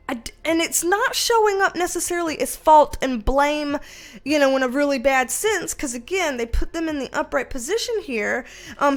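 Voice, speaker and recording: Tarot reader, woman, slightly high voice, rambly and emotional, faint music under her. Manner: chatty, rambling, emotional, many fillers. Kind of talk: casual tarot reading video.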